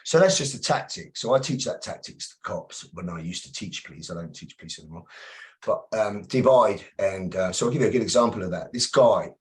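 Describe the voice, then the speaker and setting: Blunt, low-voiced man. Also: expressive, fairly quick, low-quality recording. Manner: blunt, profane, acts out confrontations. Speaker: self-protection instructor, podcast guest. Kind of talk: casual interview storytelling.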